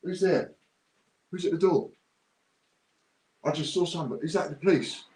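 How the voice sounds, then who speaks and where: A man's voice: on the high side, moderate pace, darkish tone, echoey room, voice pushed up, lightly acted. A man voicing a frightened man who panics, gasping, about police coming to his door. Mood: panicky.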